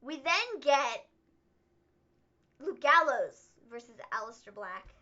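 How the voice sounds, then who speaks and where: Woman co-host, high and bright, sarcastic casual delivery, muffled lo-fi stream audio. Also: big pitch swings, takes it slowly. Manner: sarcastic, playful recapping. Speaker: co-host of a wrestling recap stream. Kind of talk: casual chat.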